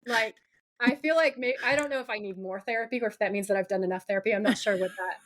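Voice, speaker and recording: A woman co-hosting a chatty podcast, pitched in the middle for a woman. She retells the episode with energy and plenty of swearing. She keeps dipping into a gruff low voice to act out the quoted lines. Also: fast talker. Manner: animated, profane, acts out quotes in a gruff low voice. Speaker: podcast co-host. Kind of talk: casual chat recapping a TV episode.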